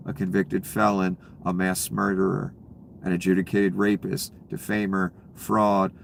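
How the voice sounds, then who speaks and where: A gravelly, low-pitched political commentator unleashes a furious rant, peppered with sarcasm and profanity. There's a little background noise in the clip.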